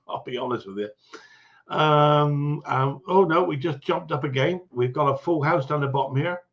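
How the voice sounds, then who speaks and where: A man's voice: a little high, muffled recording. A man hosting a casual livestream chat, greeting viewers one by one with frequent chuckles. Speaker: livestream host.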